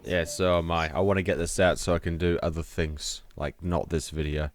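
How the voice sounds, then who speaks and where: Deep-voiced man, tipsy banter. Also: flat delivery, moderate pace, no room sound, clean studio sound. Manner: swearing, ironic banter. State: drinking. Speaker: streamer. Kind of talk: casual late-night stream chat.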